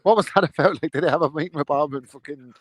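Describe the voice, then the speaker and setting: A man's voice: fairly high pitch, rapid-fire, no echo. A man co-hosting a podcast, joking and swearing, firing off rhetorical questions in casual banter. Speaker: podcast co-host.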